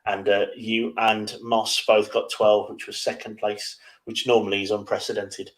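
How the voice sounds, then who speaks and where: A man co-hosting a casual football preview show, giving his predictions in a measured, slightly hesitant way. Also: lowish voice, level tone, poor audio. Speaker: football podcast co-host.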